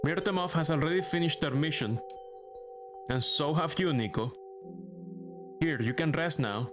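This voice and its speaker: A steady, matter-of-fact computer from a video game, read out by a man. The delivery stays flat and even, in a slightly high voice. Background music plays clearly throughout. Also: moderate pace, lightly acted. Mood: calm. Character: calm male computer voice in a game.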